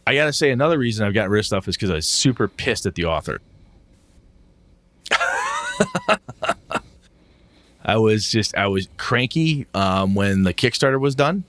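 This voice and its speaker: Middle-aged male podcast co-host: deep, animated, blunt, dry close mic. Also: moderate pace, pauses often, no room sound. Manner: blunt and emotional, swears freely. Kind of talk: casual chat.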